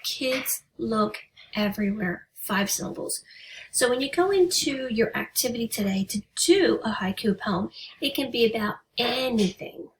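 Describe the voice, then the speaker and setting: A woman teacher giving a writing lesson to young students, speaking patiently and reading example poems slowly and deliberately. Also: on the high side, expressive, far from the mic, slight background noise, low-quality recording. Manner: patient, encouraging. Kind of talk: recorded remote writing lesson.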